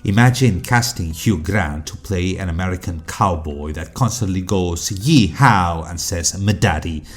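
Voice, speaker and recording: A man whose first language is Spanish, narrating a video essay with dry, critical, measured delivery. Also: low voice, soft background music. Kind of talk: scripted narration.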